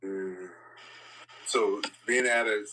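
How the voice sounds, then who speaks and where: A man with a low voice and a bright, forceful tone co-hosts a casual conversation. He thinks out loud and often repeats words as he searches for the right ones. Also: steady tone, extremely slow, low-quality recording. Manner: thoughtful, repeats words while searching for them. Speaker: podcast co-host.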